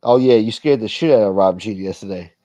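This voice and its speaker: A man with a fairly low, dark voice talks briskly as he hosts a casual livestream, reading viewer comments aloud with blunt, profane wisecracks. The recording is dry with no echo, and it sounds dull and lo-fi.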